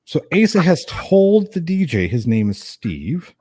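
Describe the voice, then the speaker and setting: A man's voice: on the high side, unhurried, husky, dry recording, clean studio sound. A man hosting a casual stream, telling a rowdy story with lots of swearing and laughter. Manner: animated, profane, laughing storyteller. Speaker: host.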